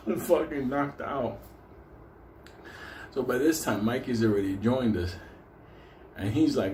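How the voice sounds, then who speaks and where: A man's voice: fairly high pitch, measured pace, long pauses, darkish tone. A man tells a story casually, swearing constantly and laughing as he talks. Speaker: storyteller host. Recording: echoey room with faint ambient noise.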